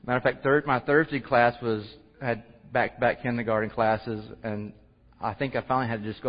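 A man's voice: mid-range voice, steady tone, moderate pace. A man giving an earnest, conversational church testimony that closes in prayer. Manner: earnest, conversational, laughs at himself. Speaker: church speaker sharing testimony. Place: church hall. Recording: muffled audio with long hall reverb.

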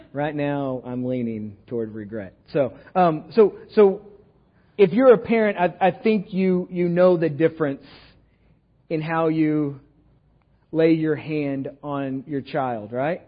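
Texan male pastor, conversational sermon, fairly high voice, lo-fi church recording. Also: unhurried. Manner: conversational, jokey, asks the room "right?" often. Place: church sanctuary.

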